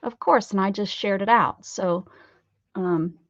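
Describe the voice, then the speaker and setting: A woman's voice: medium pitch, measured pace, dry recording, highs cut off. A woman hosting a casual art livestream from her craft table at home, chatting with viewers and greeting them by name.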